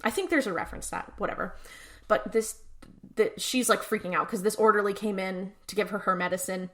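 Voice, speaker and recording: A woman's voice: medium pitch, brisk. A woman co-hosting a podcast, chatting through a show recap and acting out characters' lines as she goes. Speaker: podcast co-host. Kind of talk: casual episode recap.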